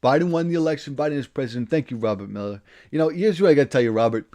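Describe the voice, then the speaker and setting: A livestream host delivers a satirical political rant in character, speaking in a medium-pitched, animated, rapid-fire way. He wanders off track, interrupts himself constantly and bursts into loud indignation.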